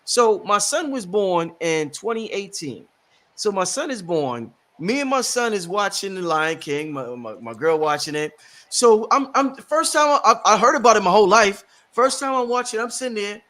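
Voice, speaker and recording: A man in his thirties hosting a livestream, telling stories in an animated, slangy way and often repeating words. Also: high-pitched, moderate pace. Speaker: livestream host. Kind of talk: casual livestream chat.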